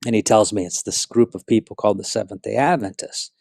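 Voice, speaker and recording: A man from South Florida telling his personal faith testimony in an earnest, animated storytelling way, full of asides. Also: lowish voice, fast, vocal fry, dry recording, studio quality. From South Florida, USA. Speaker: speaker giving a personal testimony.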